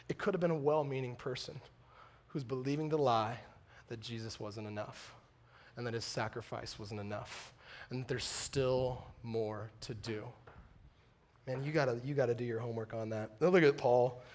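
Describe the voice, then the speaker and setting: A pastor with a medium-pitched voice preaches an animated, conversational sermon. He acts out little dialogues and swings from joking asides to loud, impassioned appeals.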